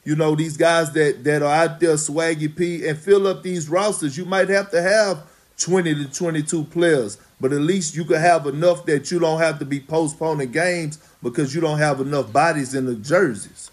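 A man talks as a retired basketball player in a loose podcast conversation. His voice sits a little high for a man. He talks slowly and emphatically, with blunt, profane phrasing. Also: fairly even intonation. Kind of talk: casual podcast chat.

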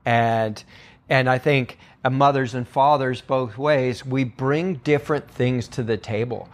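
A man's voice: fairly even intonation, a little slow. A man who is a church pastor, a guest in a podcast conversation, telling stories earnestly and acting out the voices of the people in them. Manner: earnest storyteller who acts out quotes with big pitch jumps.

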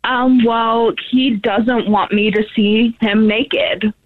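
A woman's voice: on the high side, steady tone, slow, dry recording. Frustrated woman on a tinny phone line. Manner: frank, frustrated. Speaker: caller. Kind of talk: call-in chat.

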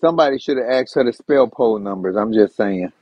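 A man's voice: medium pitch, lively intonation, fairly quick, dry recording, dull audio. A man hosting a podcast, chatting casually and bluntly about politics with wry quips. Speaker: podcast host.

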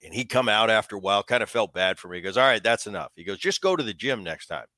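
A man's voice: fairly low pitch, animated, quick pace, pushed and bright, dry recording. A middle-aged man telling stories in casual podcast chat, acting out quoted dialogue. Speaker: podcast co-host, former ballplayer.

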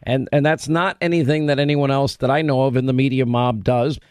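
A man's voice: mid-range voice, fairly even intonation, fairly quick, a little hiss or hum. A male radio host bantering with his staff and callers in a brash, joking, teasing way into a studio mic. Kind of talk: casual talk radio banter.

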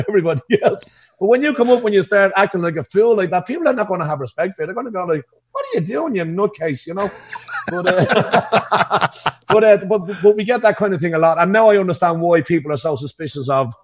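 An Irish man who plays in a pub house band talks easily and teases, breaking into laughter now and then. His voice sits a little high for a man. He talks in a relaxed, chatty way. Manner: chatty, laughs often, teasing. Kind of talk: casual podcast chat.

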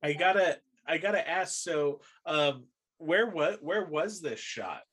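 A man interviewing a guest, speaking in short and slow replies and questions. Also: fairly high pitch, expressive, a bit bright, husky. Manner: brief, slow reactions and questions. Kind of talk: casual interview.

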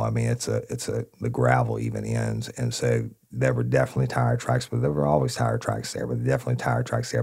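A man's voice: very deep voice, creaky. A man, a podcast host and former detective, telling a crime story casually, acting out the dialogue and calling his listeners y'all. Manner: animated retelling with quoted dialogue, addresses listeners as y'all.

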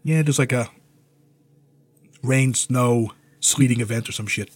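A man on a podcast, chatting casually and telling profane, animated stories. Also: mid-range voice, unhurried, husky. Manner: animated storyteller, swears freely, acts out quoted voices. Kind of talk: casual chat.

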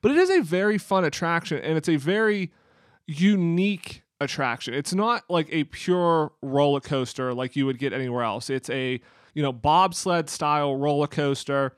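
Chatty man explaining, slightly high voice. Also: animated, moderate pace, no room sound, clean studio sound. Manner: explains at length with many fillers and restarts. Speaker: podcast co-host. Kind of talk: casual chat.

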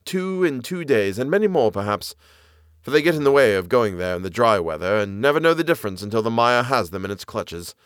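A man voicing an eager, knowledgeable naturalist man who explains the moor with lively enthusiasm. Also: mid-range voice, brisk, no echo, studio quality, close to an everyday voice. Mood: grim.

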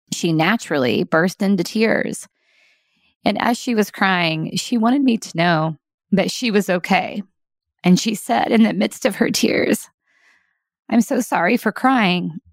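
A middle-aged woman with a lowish voice delivers a daily encouragement podcast. She is heartfelt and reflective, laughing softly and slowing down to dwell on lines she loves. The recording is close and completely dry. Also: no room sound. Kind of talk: warm reflective monologue, partly read.

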